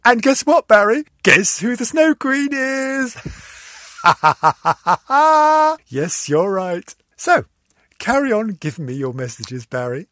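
An older man from England hosting a comic podcast in a theatrical, camp, teasing way, swinging between loud and soft. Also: high voice, sing-song, slow pace, dry recording, studio quality. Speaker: podcast host.

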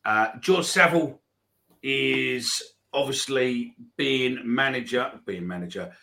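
A man's voice: medium pitch, takes it slowly, gravelly, pushed and bright. A man hosting a live football podcast, chatting casually and rambling through announcements. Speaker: podcast host.

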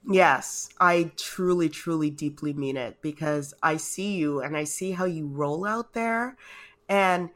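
A woman's voice: sits low, measured pace, a bit bright. A woman co-hosting a podcast in casual chat, heartfelt and rambling, emotional and close to tears. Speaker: podcast co-host.

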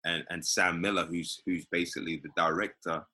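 A man's voice: low-pitched, level tone, a little fast, sharp tone. A man, an actor talking as an interview guest in a thoughtful way, often restarting and repeating words. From England. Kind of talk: casual interview chat.

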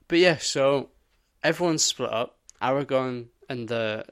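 A young man co-hosting a podcast, telling an animated story in casual chat and swearing often. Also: medium pitch, a little slow. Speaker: podcast co-host.

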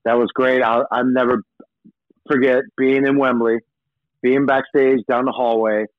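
A man's voice: mid-range voice, flat delivery, a little slow, no room sound. Male rocker guest, rambling profane storyteller, phone-quality dry audio. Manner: profane, rambling anecdotes with acted-out quotes. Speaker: rock musician guest. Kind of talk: casual interview storytelling. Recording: tinny phone-like line, dry.

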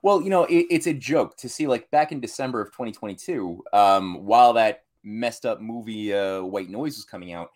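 A man's voice: lowish voice, animated, normal speed, hardly any pauses. A man appearing as a podcast guest in casual political talk, rambling and listing things with many fillers. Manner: rambling, loose with fillers, lists items.

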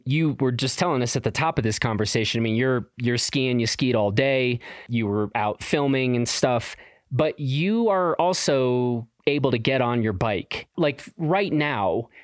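A man hosting a casual interview podcast, relaxed and rambling, laughing along with his guest. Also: mid-range voice, a little slow, no echo, studio quality. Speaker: podcast host.

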